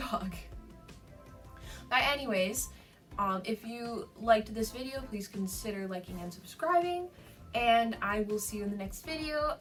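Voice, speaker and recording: A woman's voice: medium pitch, a bit bright, far from the mic, rough recording. A young adult woman giving dog training advice in a casual vlog, chatty, with frequent laughs and fillers.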